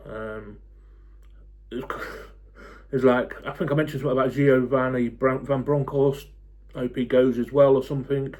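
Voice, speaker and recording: A man in his forties, talking to camera in a blunt, fed-up rant, swearing freely and pausing on lots of ums. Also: medium pitch, darkish tone. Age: 40s. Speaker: football fan YouTuber.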